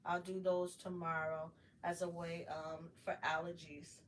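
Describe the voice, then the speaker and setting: A woman's voice: on the low side, flat delivery, measured pace, a little hiss or hum. A middle-aged woman hosting a casual late-night livestream chat, talking easily to her viewers while she crafts at home. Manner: chatty, warm toward viewers, loud laughing bursts. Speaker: livestream host.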